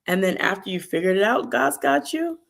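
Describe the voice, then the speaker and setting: A woman hosting a faith podcast livestream, talking in an animated, emphatic way and speaking to viewers in the chat. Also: mid-range voice, fairly quick, gravelly, very noisy. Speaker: podcast host. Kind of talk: casual devotional livestream talk.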